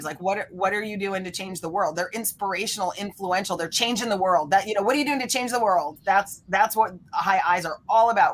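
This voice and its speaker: Energetic woman guest coach, animated interview delivery. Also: medium pitch, fairly quick. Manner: energetic, lively, acts out quoted people. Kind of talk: animated podcast interview talk.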